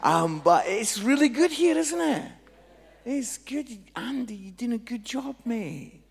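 A Scottish man, a Christian comedian, telling a humorous testimony in an animated, jokey storytelling way. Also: very high voice, slow pace, gravelly, breathy edge, long reverb tail. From Scotland.

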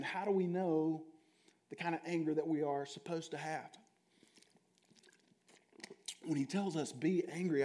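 A pastor with a fairly high voice delivers a sermon. He talks to the congregation conversationally and keeps asking them questions. His volume swings from soft, hushed stretches to loud, animated ones. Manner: animated, shifting between loud and quiet.

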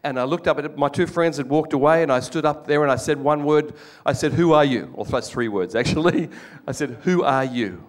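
A man's voice: a little high, a little fast, hardly any pauses. A man telling his life story as a testimony sermon to a congregation, earnest, often restarting and repeating words. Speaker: guest speaker giving testimony.

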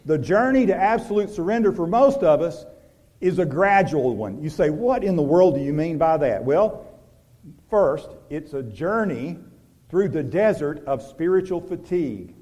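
A man preaching a sermon, moving from loud emphatic lines to soft, hushed ones, with rhetorical questions and repetition. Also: high voice. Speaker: pastor.

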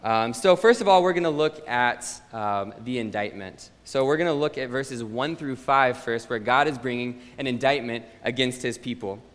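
A male preacher delivers a sermon in an easygoing, conversational tone, often pausing on um and uh. His voice sits at an ordinary middle pitch. It rings out with a long hall echo, as if recorded in a church sanctuary. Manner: conversational, relaxed, frequent um and uh fillers. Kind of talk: sermon with personal storytelling.

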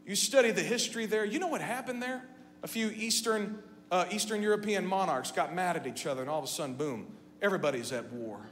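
A man preaching a sermon to his congregation, going from quiet, conversational talk up to shouting. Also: high-pitched, fast talker. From Midwestern United States. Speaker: pastor. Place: church sanctuary. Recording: long hall reverb, faint hum.

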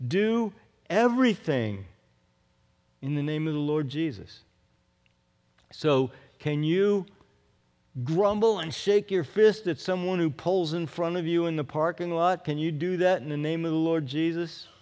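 Male pastor, unhurried and emphatic sermon delivery, slightly raised pitch, long hall reverb. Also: darkish tone. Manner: earnest, emphatic, repeats phrases.

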